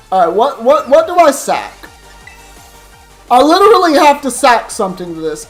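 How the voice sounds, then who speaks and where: Here the streamer's medium-pitched voice sounds fairly bright as they chat loosely over a Pokemon challenge run. It's rambling let's-play talk, with the occasional curse thrown in.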